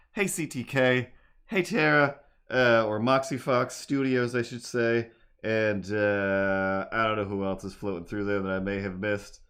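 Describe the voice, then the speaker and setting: A man's voice: fairly low pitch, fairly bright tone. A man hosting a casual livestream while drawing at home, rambling in a goofy, self-mocking way, his voice a bit worn. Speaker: livestream host and artist. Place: home apartment.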